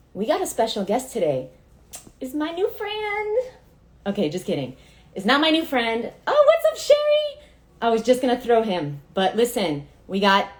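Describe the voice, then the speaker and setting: A woman hosting an Instagram live from Miami, chatting with playful, teasing energy. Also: a little high. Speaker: host.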